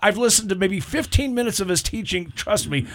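A man's voice: sits high, fairly quick, crowd noise. A man, a pastor co-hosting a radio talk show, telling stories in casual chat and acting out the voices of the people in them. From Southern California. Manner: animated storyteller, acts out quoted voices.

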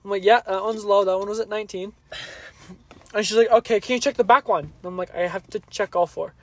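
A man's voice: sits high, steady tone, quick pace, a bit bright. A man co-hosting a podcast, telling a long work story in casual, profane, rambling chat. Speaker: podcast co-host.

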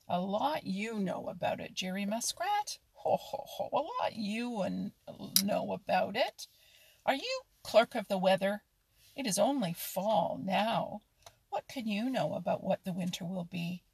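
Brief: a cheeky, boastful young otter boy read by a woman, husky and gravelly. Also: medium pitch, big pitch swings, a little slow, few pauses, exaggerated voice, poor audio. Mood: mocking.

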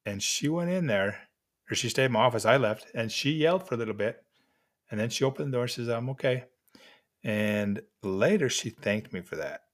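An older man giving gentle, encouraging life lessons to mentees at an unhurried pace with pauses. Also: mid-range voice, animated. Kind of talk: motivational talk to mentees.

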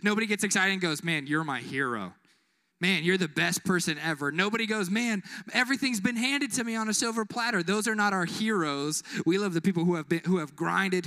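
A young man preaching a lively youth sermon in a church, joking with the crowd and calling for amens. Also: fairly high pitch. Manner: call-and-response, joking, acts out quick voices. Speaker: youth pastor. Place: church building.

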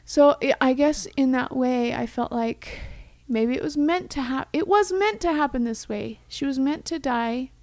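A woman's voice: high voice, moderate pace, few pauses, a little mellow, dry recording. A young woman co-hosting a casual chat, speaking heartfelt and reflective, sometimes dropping to a whisper. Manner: heartfelt, reflective, drops to a whisper for quoted thoughts.

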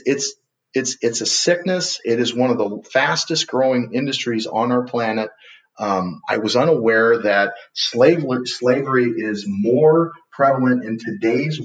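A man, a podcast guest, telling a story with lively acted-out quotes. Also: mid-range voice, moderate pace, rough recording. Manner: animated storyteller acting out quotes.

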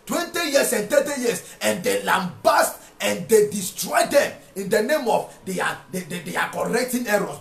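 A man preaching a sermon, repeating phrases and rising to shouted rhetorical questions. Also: sits high, animated, normal speed, vocal fry, few pauses. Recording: echoey room with faint music.

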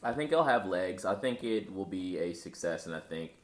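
A man co-hosting a podcast in a casual chat, animated and jokey, often trailing off. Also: low voice, normal speed. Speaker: podcast co-host. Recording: roomy echo.

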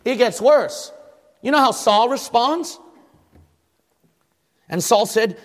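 A man's voice: very high-pitched, very animated, measured pace, pauses often, big-room sound. A man preaching a fervent sermon as pastor, firing rhetorical questions at his congregation.

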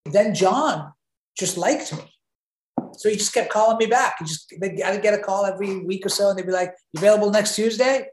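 A man being interviewed, telling an animated anecdote with frequent restarts and repeated words. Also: sits high, normal speed. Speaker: interview guest. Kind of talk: conversational storytelling. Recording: roomy echo.

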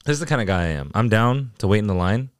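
A man's voice: lowish voice, lively intonation, fast talker, no echo, clean studio sound. A young man in casual chat, slangy and profane.

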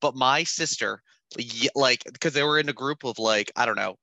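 A young man chats loosely on a podcast, his voice very bright and forceful. He laughs through his stories and fills them with "like." The sound is close and dry, with no room around it. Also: medium pitch, moderate pace, no room sound. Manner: loose, laughing storyteller with lots of fillers. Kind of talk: casual podcast chat.

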